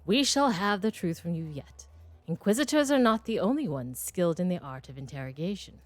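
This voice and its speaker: A woman's voice: on the low side, lively intonation, fairly quick, dry recording, lightly acted. A woman reading the lines of a stern, accusing inquisitor, in threatening formal game dialogue.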